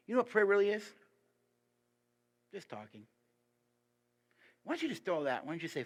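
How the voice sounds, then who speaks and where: A man giving a sermon as a guest preacher, lively and emphatic, putting rhetorical questions to the congregation. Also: normal speed, pauses often. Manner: lively and emphatic, pitch rising on key points.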